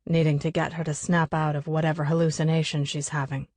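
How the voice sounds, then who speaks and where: Low husky woman narrating an audiobook. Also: little pitch movement, a little fast, darkish tone, no echo. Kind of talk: first-person audiobook narration.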